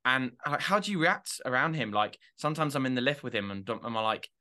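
Brief: young male co-host, rambling casual banter, bright forward tone. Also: medium pitch, lively intonation, fast. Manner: rambling, self-deprecating, addresses listeners. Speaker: podcast co-host. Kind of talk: casual chat.

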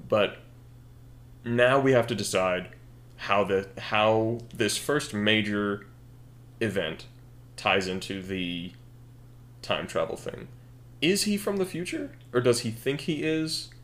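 Rambling young man, lowish voice. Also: lively intonation, measured pace, fairly bright tone. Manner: rambling, thinks aloud with fillers and self-corrections. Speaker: podcast co-host. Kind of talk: casual podcast chat, brainstorming a story.

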